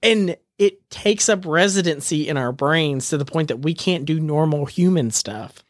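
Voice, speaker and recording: A podcast host chatting casually, telling stories with quick asides and jokes. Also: mid-range voice, no room sound, clean studio sound. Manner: animated storyteller, quick asides, jokey. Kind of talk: casual chat.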